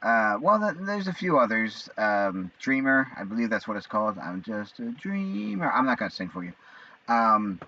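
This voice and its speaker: A man in his forties talking casually on his own, rambling and halting with many fillers and restarts. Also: fairly low pitch, expressive, pushed and bright. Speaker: vlogger. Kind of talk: casual monologue. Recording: dull lo-fi sound.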